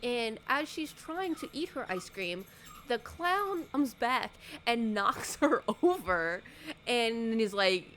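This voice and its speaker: A woman's voice: on the high side, slow, slight background noise. Sarcastic woman recapping a movie. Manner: sarcastic, animated, acts out characters' lines. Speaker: YouTuber. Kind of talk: casual movie recap commentary.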